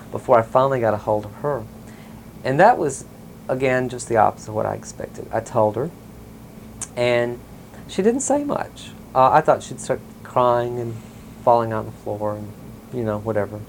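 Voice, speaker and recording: A man from the US South, telling a personal story in a casual interview, rambling with many ums and soft chuckles. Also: medium pitch, gravelly, a little hiss or hum, poor audio. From Mississippi, US South. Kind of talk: casual oral-history storytelling.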